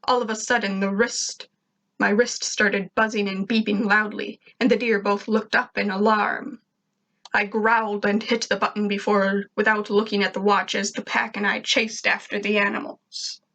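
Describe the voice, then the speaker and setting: A woman reading a first-person fan fiction story aloud, steady and even. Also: medium pitch, moderate pace.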